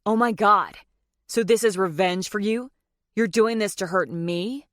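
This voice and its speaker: A woman's voice: mid-range voice, unhurried, fairly bright tone, no room sound, close to an everyday voice. A woman narrator voicing a desperate, hot-tempered young man. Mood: angry. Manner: pleading then furious outbursts.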